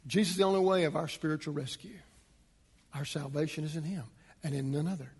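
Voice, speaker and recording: A pastor with a high, light voice delivers an emphatic sermon, pressing his points with rising force. His words ring out with a long reverb, as in a large hall. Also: fairly even intonation, fast, husky. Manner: emphatic, rising to a preaching pitch.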